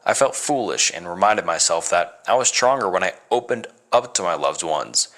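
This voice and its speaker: A man reading a first-person horror story as narrator, measured and dramatic. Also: low-pitched, expressive, a bit bright.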